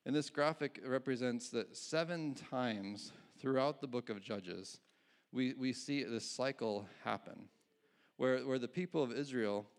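A man's voice: medium pitch, unhurried. A male pastor giving a conversational sermon, often restarting his phrases and chuckling at his own asides.

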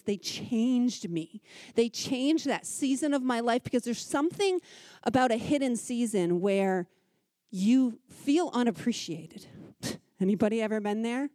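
Her pitch is on the high side, captured in clean studio sound without echo. She's a woman in her thirties telling her story as a personal testimony to a church women's gathering, lively and chatty, full of quick asides and heartfelt earnestness.

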